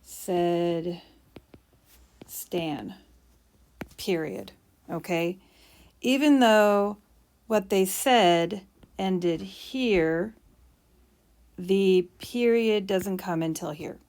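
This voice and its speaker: A woman's voice: medium pitch, very slow, darkish tone. A woman teacher explaining punctuation while writing, with playful mock bragging asides.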